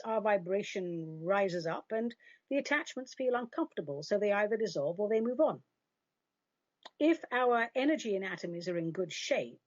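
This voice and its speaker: A woman with a husky voice hosts a radio advice show, and her pitch rises and falls a lot as she makes her points. She talks in a chatty, emphatic, opinionated way. The sound is dry and a little dull. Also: darkish tone, no echo. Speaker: host answering listener questions.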